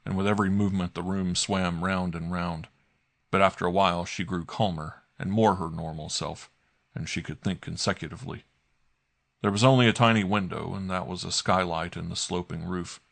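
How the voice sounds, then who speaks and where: A man narrating a mystery audiobook in a measured, even storytelling manner. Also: deep voice, vocal fry, no room sound. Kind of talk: scripted narration.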